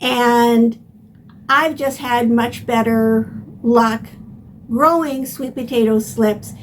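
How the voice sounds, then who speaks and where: An older woman hosting a home gardening lesson, explaining step by step in a plain, unhurried way. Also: on the high side, fairly even intonation, a little hiss or hum. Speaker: gardening channel host. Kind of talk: instructional gardening video.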